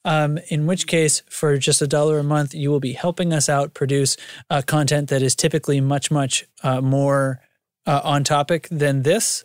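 A man's voice: a little high, flat delivery, normal speed, no echo, clean studio sound. A man co-hosting a podcast in casual, rambling chat, often breaking into laughter. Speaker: podcast co-host.

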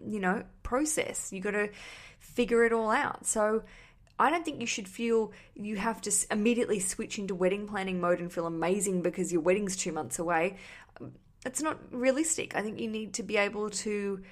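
A woman hosts a relaxed solo podcast, answering listener messages in a chatty, tumbling way. She rants a little, swears casually and laughs at herself. Her voice sits at an ordinary middle pitch. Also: normal speed. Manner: chatty and ranty, swears casually, self-deprecating. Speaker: podcast host.

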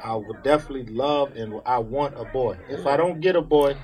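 A man's voice: mid-range voice, fairly quick, a little mellow. A man co-hosting a podcast, teasing and pressing his friend with repeated questions in casual, slangy chat. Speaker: podcast co-host.

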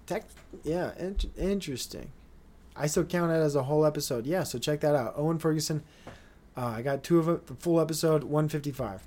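Excitable swearing podcast man, slightly high voice. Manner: swearing, excitable storytelling, laughs often. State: dry mouth. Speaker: solo podcast host. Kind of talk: casual solo monologue.

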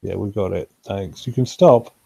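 A man's voice: low-pitched, moderate pace, creaky, mellow, husky, lo-fi sound. A man co-hosting a podcast, dry and sardonic, steering the conversation along. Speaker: podcast co-host. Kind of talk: casual podcast banter.

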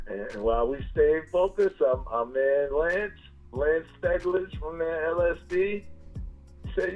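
A man's voice: fairly high pitch, a little slow, a little mellow, dull audio, faint music behind. A man, a DJ and producer from Long Island, telling stories in a casual, slangy interview and acting out the lines of the people in them. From Long Island, New York. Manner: slangy, laid-back storytelling, acting out others' lines.

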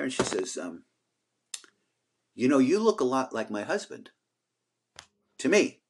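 A man's voice: mid-range voice, slow pace, pauses often, slight background noise. Rambling older man telling stories. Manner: rambling, animated storyteller with many fillers. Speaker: podcast co-host. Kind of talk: casual storytelling chat.

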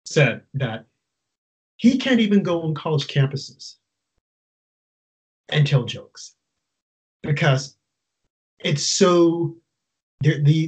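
A man hosting a casual interview, talking emphatically and putting exasperated questions to his guest. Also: on the high side. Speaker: interview host. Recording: dull lo-fi sound.

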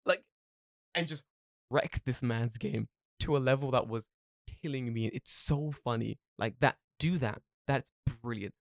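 A man co-hosting a casual podcast, telling animated stories, swearing freely and acting out other people's voices. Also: mid-range voice, a little slow, pauses often, no room sound, studio quality. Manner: animated storytelling, swears a lot, mimics people. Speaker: podcast co-host.

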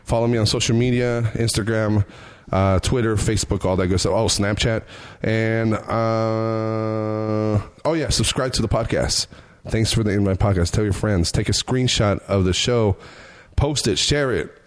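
A low-voiced man hosting a podcast in an easygoing, slangy way. He calls his guests bro and runs through plugs without any fuss. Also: fairly even intonation, moderate pace. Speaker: podcast host. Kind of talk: casual chat.

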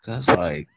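Male co-host, very low voice but lively, dry close recording, laid-back rambler. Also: dry recording. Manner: relaxed, filler-heavy talk with laughs. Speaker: podcast co-host. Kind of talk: casual chat.

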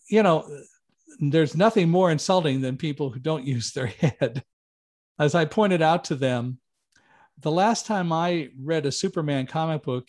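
A middle-aged man telling a personal story as an interview guest, lively, acting out quoted lines with raised voice. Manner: animated, raises pitch and volume for quoted lines. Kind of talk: conversational storytelling.

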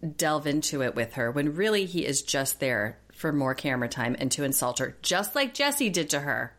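A woman's voice: low voice, very animated, moderate pace, fairly bright tone. A woman co-hosting a podcast in casual recap chat, emphatic and opinionated as she rants. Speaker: podcast co-host.

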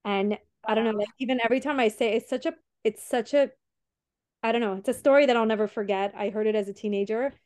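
A woman's voice: a little high, fast, a little mellow. A young woman hosting a podcast, retelling a story in a rambling way with many fillers and restarts. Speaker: podcast host.

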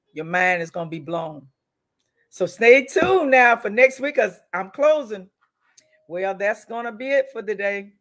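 Lady preacher-host, punchy and repetitive, keeps saying listen to me, medium pitch. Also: a bit bright. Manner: emphatic, repetitive, calls out to listeners. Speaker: host and prayer leader. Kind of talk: preaching-style inspirational broadcast talk.

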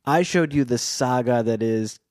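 A man's voice: mid-range voice, normal speed, a little mellow, no room sound. A man in easy casual chat as a podcast co-host, with a mid-range voice. He rambles wryly and corrects himself as he goes. The sound is dry and close, with no room around it. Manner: rambling, wry, self-correcting.

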